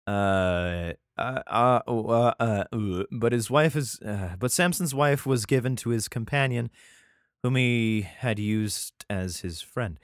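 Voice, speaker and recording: A man with a fairly low voice hosts a casual Bible reading podcast, taking it slowly as he reads aloud. His comments come in profane, rambling, exasperated asides, recorded at studio quality with no room sound.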